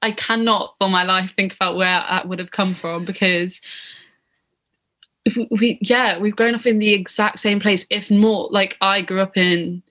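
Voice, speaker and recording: A young woman with a British English accent, talking in a relaxed, reflective way as the interviewee, often pausing and restarting her sentences. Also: medium pitch. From England. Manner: hesitant, many restarts and fillers. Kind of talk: casual reflective chat.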